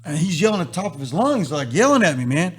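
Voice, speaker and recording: A man's voice: fairly high pitch, quick pace, husky. A man hosting a live stream, telling a long story and acting out the lines of the people in it. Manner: animated storyteller acting out quotes. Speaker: host.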